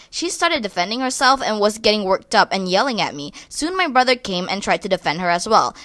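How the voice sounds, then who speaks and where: A woman's voice: mid-range voice, fairly bright tone, no room sound. A young woman reading online posts aloud and breaking in with blunt, crude, sassy commentary. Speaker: commentary creator.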